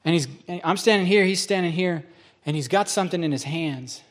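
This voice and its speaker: A middle-aged pastor with a fairly high voice preaches briskly, telling stories and playing both characters in dialogues. He turns hushed when the sermon reaches solemn points.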